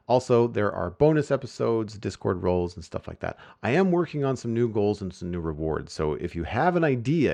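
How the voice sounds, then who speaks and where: A man hosting a podcast, chatting casually in an animated way and laughing easily. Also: lowish voice, creaky. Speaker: podcast host.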